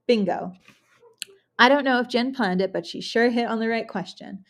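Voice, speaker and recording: A woman reading a first-person novel aloud as an audiobook, expressive, with occasional restarts. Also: fairly high pitch, moderate pace. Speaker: audiobook reader.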